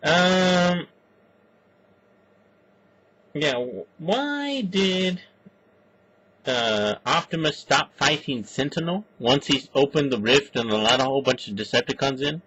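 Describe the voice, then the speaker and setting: A man's voice: mid-range voice, sing-song, sharp tone, husky, poor audio. A man reviewing a movie in casual, rambling chat, swearing often and stopping on lots of fillers. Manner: profane, halting, full of fillers.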